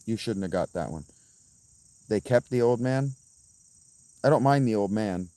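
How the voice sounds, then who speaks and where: Low-voiced guy streaming outside, swears a lot and gets riled up fast, dry close sound. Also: animated, dark tone, no echo. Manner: profane, combative, quick to anger. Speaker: livestreamer reading chat. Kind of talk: casual livestream chat. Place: outdoors by a fountain.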